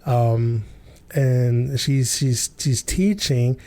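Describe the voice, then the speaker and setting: A man's voice: medium pitch, fairly even intonation, very slow, darkish tone. A man hosting a podcast, telling a childhood story and commenting in a casual, rambling way with many fillers, restarts and chuckles. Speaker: podcast host.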